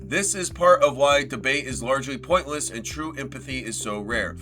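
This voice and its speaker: A young man hosting a live stream, reading posts aloud and riffing on them in a casual, animated way, swearing freely and joking with his chat. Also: mid-range voice, moderate pace, over music. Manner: animated, swings loud and soft, swears casually, jokes with chat. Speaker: livestream host.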